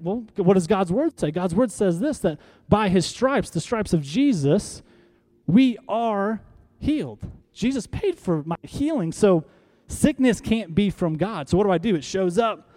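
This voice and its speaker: A man's voice: sits high, expressive, unhurried, dark tone. A man preaching a sermon, emphatic and full of rhetorical questions, leading the congregation to repeat lines after him. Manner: uses props on stage while preaching. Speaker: pastor.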